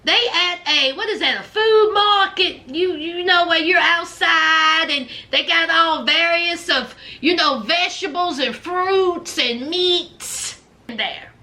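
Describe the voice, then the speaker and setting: A woman's voice: extremely high pitch, takes it slowly, bright, forceful tone. A woman giving sassy, gossipy reality TV recap commentary, often saying "honey".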